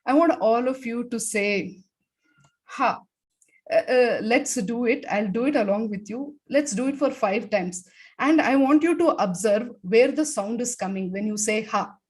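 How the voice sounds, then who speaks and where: A woman leading a guided laughter exercise on a video call, talking with many fillers and demonstrating laughter sounds in loud bursts. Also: a little high. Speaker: laughter yoga expert.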